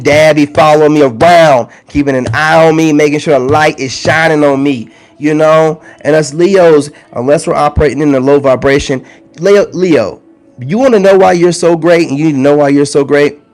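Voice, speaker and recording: A man talking casually and directly to his viewers, animated and teasing, with big swings in his voice. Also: a little high. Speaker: spiritual content creator. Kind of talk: casual direct-to-camera talk.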